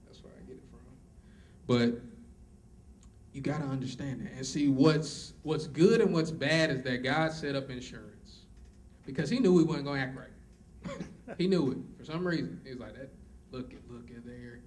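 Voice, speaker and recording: A man's voice: on the high side, normal speed, pauses often, darkish tone. Man giving a motivational talk from far off. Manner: preacher-like repetition and joking asides. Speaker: motivational speaker. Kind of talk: motivational speech. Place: college event indoors. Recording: distant mic with faint noise.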